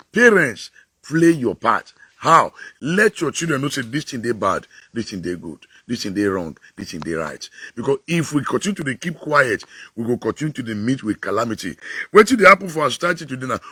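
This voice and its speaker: A man with a Nigerian accent giving an emphatic moral talk in an animated way. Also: mid-range voice, slightly rough, no room sound.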